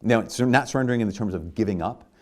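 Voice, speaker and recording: A man's voice: fairly low pitch, fast talker, a little mellow. A man, a priest, giving a sermon in a conversational way, full of restarts and "like", at times rising to emphatic bursts.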